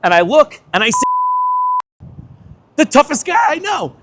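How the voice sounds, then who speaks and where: A man in his fifties, a veteran skateboarder telling an animated story, laughing often and swearing casually. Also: very high-pitched, slow, very noisy.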